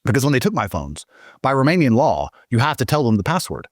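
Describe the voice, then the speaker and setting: A man's voice: mid-range voice, sing-song, quick pace, no room sound, studio quality. A man speaking as a guest in a podcast interview, telling his story in a heated, profane way.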